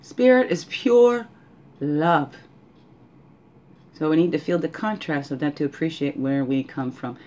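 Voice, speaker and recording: This casual oracle card reading comes from a woman hosting a spiritual session in her home, musing her way through the cards and often questioning the listener. She has a deep, somewhat dark voice and speaks at a measured pace, leaving long pauses.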